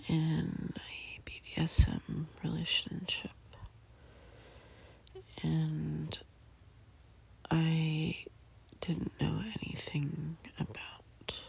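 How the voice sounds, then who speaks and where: A sleepy person just woken up, speaking in a soft, hesitant whisper from bed. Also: medium pitch, creaky, husky, rough recording. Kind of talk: whispered casual monologue. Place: in bed, indoors.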